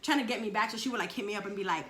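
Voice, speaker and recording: A young woman, telling a story on her vlog in a slangy, profane, animated way. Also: medium pitch, very fast, slight background noise. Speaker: vlogger. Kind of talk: casual story time.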